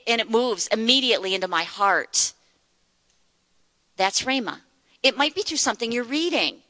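A woman's voice: a little high, sharp tone, no echo, long reverb tail. A woman giving an earnest sermon-style Bible teaching at a church meeting, repeating words for emphasis.

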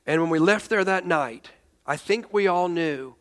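A man's voice: high-pitched, measured pace, a bit bright, long reverb tail. A male pastor telling a story in a sermon, emotional, often restarting his sentences and raising his voice when he quotes others.

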